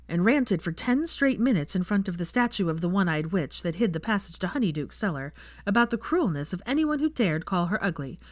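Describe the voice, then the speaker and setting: A woman narrating a fan fiction audiobook in an expressive storytelling manner. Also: fairly low pitch, dry recording, studio quality.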